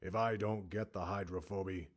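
A gruff, grumbling rough-neck kidnapper, as a man reading an audiobook puts him on. His voice sits low and a little apart from the narration, sour and surly in the telling of a storybook. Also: steady tone, moderate pace. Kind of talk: audiobook character voice.

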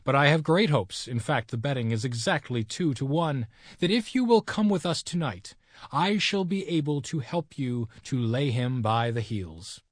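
A man reading the part of a clever detective, measured and quietly confident. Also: mid-range voice, lively intonation, no room sound, clean studio sound, natural voice. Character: cool clever male detective, calm and wry.

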